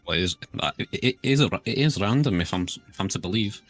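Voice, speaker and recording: A man's voice: fairly low pitch, expressive, fast talker, no echo, soft background music. A man voicing a tiny, meek male squirrel-like creature with a Scottish accent, polite and prone to stammering. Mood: flustered polite. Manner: hesitant, stammering, politely formal.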